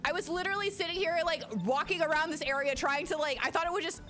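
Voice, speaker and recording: A woman streaming a video game in casual, profane chat, swinging between low mutters and excited shouting over game music. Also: quick pace. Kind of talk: casual let's-play chat. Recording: game music playing behind.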